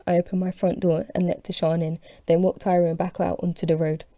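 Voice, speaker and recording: A woman's voice: fairly low pitch, level tone, brisk, dark tone, no echo, studio quality. A woman reading her own novel aloud as an audiobook, telling it in the first person with expression. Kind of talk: audiobook narration.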